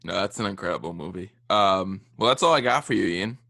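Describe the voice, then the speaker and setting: A man's voice: sits low, expressive, a little fast, creaky, pushed and bright, no echo, studio quality. A young man hosting a casual interview, asking brief, easygoing questions. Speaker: podcast host.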